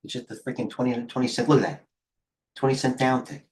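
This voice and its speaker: A man's voice: mid-range voice, fairly even intonation, fast, a little mellow, a little hiss or hum. A middle-aged man hosting a live trading stream, talking casually and rambling with jokes and muttered asides. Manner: rambling, joking, self-deprecating, mutters to himself. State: out of breath.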